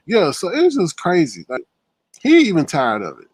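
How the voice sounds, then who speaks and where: Animated, mocking man with lively pitch. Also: moderate pace, slightly rough, dry recording. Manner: animated, mocking, laughs a lot, talks to chat. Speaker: commentary show host. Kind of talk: casual reaction commentary.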